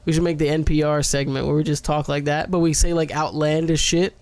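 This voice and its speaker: A man's voice: on the high side, flat delivery, brisk, darkish tone, smooth, no room sound. Laid-back swearing male podcast co-host. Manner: laid-back, swears freely, jokes around. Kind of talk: casual late-night chat. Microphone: podcast mic.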